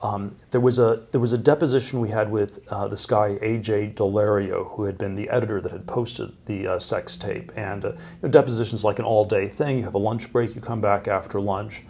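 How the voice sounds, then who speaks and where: A middle-aged man telling a long story as an interview guest, halting, with many fillers and restarts. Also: on the low side, steady tone, a little mellow, a little hiss or hum.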